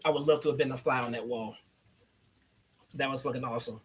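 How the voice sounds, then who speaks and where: A man's voice: medium pitch, fairly even intonation, fast, fairly bright tone, breathy edge. A young adult man from the Chicago area giving a loose, sarcastic and profane wrestling review. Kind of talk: casual profane recap.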